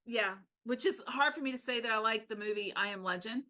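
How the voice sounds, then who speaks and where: Bright-voiced chatty woman co-host. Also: on the high side. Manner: chatty, animated, quick asides. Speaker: podcast co-host. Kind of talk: casual book discussion.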